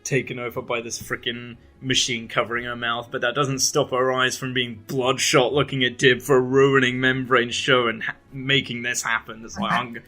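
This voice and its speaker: A man's voice: medium pitch, little pitch movement, normal speed, hardly any pauses, bright, forceful tone, soft background music. A man with a British accent chatting casually, rambling through a movie recap and swearing freely. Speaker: podcast co-host, movie reviewer. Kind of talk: casual chat, movie review.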